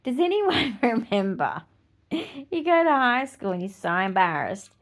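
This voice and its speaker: A woman's voice: on the high side, big pitch swings, unhurried. A middle-aged woman with an Australian accent, hosting a podcast in casual chat, blunt, swearing freely and laughing often. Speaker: podcast host.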